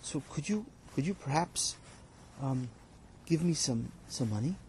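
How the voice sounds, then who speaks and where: A man's voice: on the high side, lively intonation, unhurried, darkish tone, a little hiss or hum. A man voicing a poor, timid farmhand who hesitantly pleads for his wages. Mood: timid pleading. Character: poor timid male farmhand asking for pay.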